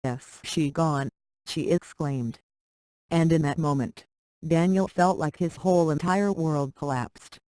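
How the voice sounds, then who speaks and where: A reader narrating a short romance story aloud in a plain, steady way. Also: mid-range voice, a little slow, no room sound, poor audio.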